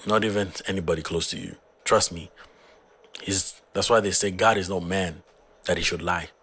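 A hoarse man from Zambia, earnestly talking through his own song in a casual, rambling way. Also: low-pitched, fairly even intonation, moderate pace, sharp tone. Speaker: musician.

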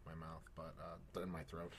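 A man's voice: sits low, completely flat delivery, normal speed, vocal fry, husky. A man on a podcast telling a rambling story, laughing often and acting out other people's lines. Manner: rambling, laughs often, acts out quoted voices. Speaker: podcast co-host. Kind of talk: casual storytelling chat.

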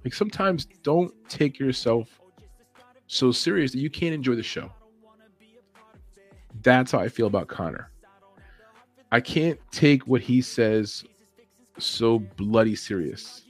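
A man's voice: mid-range voice, expressive, slow, long pauses, soft background music. A man hosting a podcast in a casual opinion chat, rambling, opinionated and chuckling as he talks. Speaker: podcast host.

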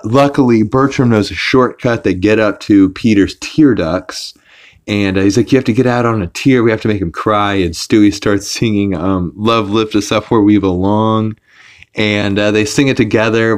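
A young man hosts a podcast and recaps an episode in a loose, rambling way. He swears freely and often restarts his sentences mid-thought. His voice sits a little on the low side. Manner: rambling, profane, frequent restarts and fillers. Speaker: podcast host.

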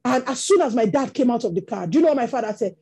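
Nigerian woman preacher, high mellow voice, animated storytelling sermon. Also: very fast, slightly rough. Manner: storytelling, rising to impassioned exclamations.

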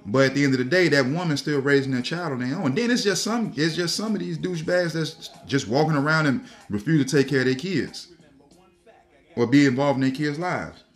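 A man's voice: fairly high pitch, a little fast, faint music behind. A man talking casually on a podcast, telling a story in a rambling, profane way, laughing and repeating himself.

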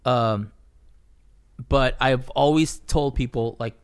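A man's voice: medium pitch, takes it slowly, clear, resonant tone, no echo, studio quality. A man, a guest artist, telling stories in a casual podcast chat, swearing freely and acting out the voices of the people he quotes.

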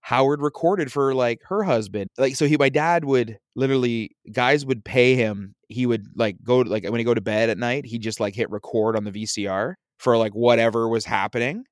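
A man's voice: mid-range voice, steady tone, fairly quick, few pauses, no echo, studio quality. A man in his thirties casually telling a long family story, acting out his relatives and laughing often. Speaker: storyteller guest. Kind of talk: casual chat.

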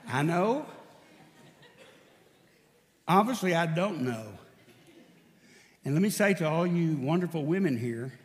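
Slow and expressive, with long pauses, a pastor's slightly high voice rings through the big room of a church sanctuary. He preaches through stories, acting out lines of dialogue loudly.

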